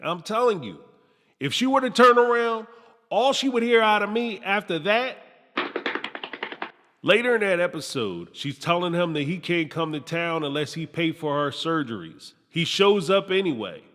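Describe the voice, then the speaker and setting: A man riffs through a reality show recap in a high, sarcastic voice full of slang. His pitch leaps and dips all over as he talks, and the sound rings with a long reverb. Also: expressive, moderate pace, fairly bright tone. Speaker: reality TV reviewer host. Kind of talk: commentary monologue.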